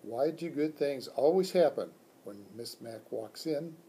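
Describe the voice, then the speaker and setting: A man from a school reading a children's book aloud in a calm, measured storytelling manner. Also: mid-range voice, husky. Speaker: school staff reader.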